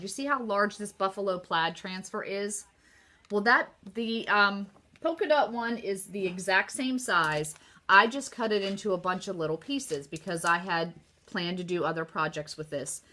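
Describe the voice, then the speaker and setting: Bright-voiced chatty woman with a sore throat. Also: mid-range voice. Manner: chatty, upbeat, talking straight to viewers. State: sore throat, slightly losing her voice. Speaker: craft designer demonstrating card making. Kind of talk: casual craft tutorial. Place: home craft table.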